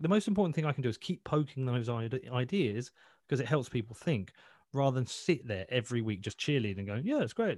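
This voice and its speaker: A man's voice: medium pitch, a little mellow, no echo, clean studio sound. A man talking as a podcast guest in a blunt, sweary, rambling way, often restarting his sentences. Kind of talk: casual interview chat.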